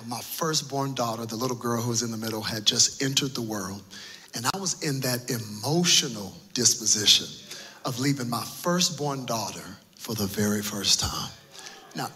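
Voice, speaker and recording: A man in his thirties, a pastor from the United States, preaching a sermon to a congregation and telling a personal story with animated, comic delivery. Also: mid-range voice. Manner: animated, comic storytelling with playful voice-acting of himself. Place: church service before a live congregation.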